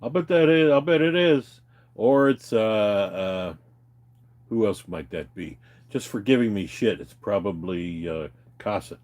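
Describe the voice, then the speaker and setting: A man's voice: fairly low pitch, expressive, a little slow, a little mellow. A middle-aged man rambling through crude, profane stories in a casual way, laughing often and mimicking other people. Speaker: streamer telling stories.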